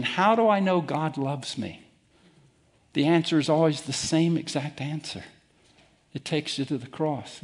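Male pastor, sermon delivery, higher-pitched voice, emphatic. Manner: emphatic, deliberate preaching with direct challenges to listeners.

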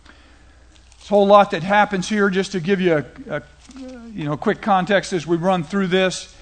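A man's voice: sits high, steady tone, moderate pace, a bit bright. A middle-aged man preaching a sermon, retelling scripture in a casual, conversational paraphrase. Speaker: pastor.

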